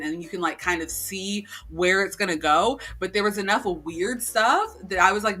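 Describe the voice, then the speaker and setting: A woman co-host on a casual chat podcast spins an animated story stuffed with fillers, acting out each quote. She speaks in a husky mid-range voice, a little fast and with few pauses.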